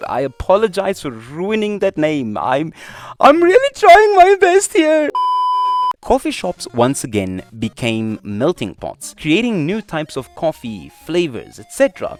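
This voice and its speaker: A hoarse young man presenting a YouTube video essay, animated and apologetic, stumbling over hard names. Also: mid-range voice. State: hoarse, voice strained from yelling. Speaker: YouTube creator. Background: faint chiptune music.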